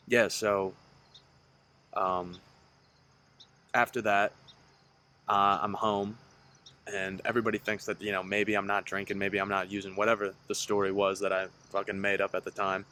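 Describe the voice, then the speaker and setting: A man's voice: fairly low pitch, level tone, measured pace, long pauses, sharp tone. A man in his twenties telling his own story on a solo podcast in a loose, rambling way, swearing often. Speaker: podcast host. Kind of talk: casual storytelling monologue.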